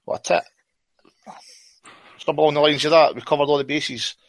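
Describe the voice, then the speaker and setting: A man's voice: fairly high pitch, steady tone, fairly quick, no echo. A Scottish man in a casual chat among friends, mocking and swearing through his banter. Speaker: podcast panelist.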